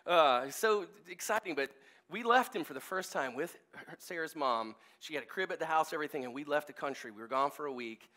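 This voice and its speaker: Male pastor, 40s, high-pitched, casual storytelling sermon. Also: brisk. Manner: casual, animated, many fillers and restarts. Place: church service.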